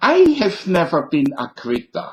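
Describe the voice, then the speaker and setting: A man's voice: a little high, wildly swooping pitch, a little slow. A man putting on a thick, exaggerated German accent to play a pompous old general reading a speech. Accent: put-on exaggerated German.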